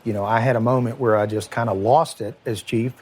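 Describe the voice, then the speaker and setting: A middle-aged man, a former police chief from Kentucky, recalling events in an interview, plain-spoken and emotional, often halting and restarting. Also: medium pitch, steady tone, darkish tone, slightly rough. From Kentucky, USA. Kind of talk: interview recollection.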